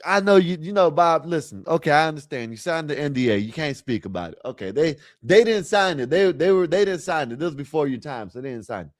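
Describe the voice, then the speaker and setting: Man, stream host, rambling casual commentary, slightly high voice, dry close mic. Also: very animated, fast talker, few pauses, no echo. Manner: rambling, talks straight to viewers. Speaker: livestream host.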